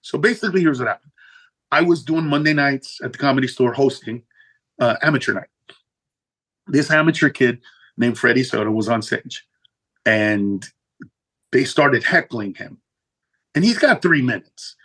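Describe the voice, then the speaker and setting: Male comic guest, raspy-edged voice, lively and profane storyteller. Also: moderate pace, pauses often, low-quality recording. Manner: animated, profane, jumps high in pitch for punchlines. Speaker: guest comedian. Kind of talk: storytelling in a casual interview.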